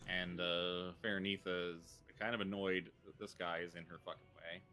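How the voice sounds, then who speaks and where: A man's voice: low voice, flat delivery, moderate pace, sharp tone, faint music behind. A man narrating as game master, rambling loosely with frequent ums and chuckles.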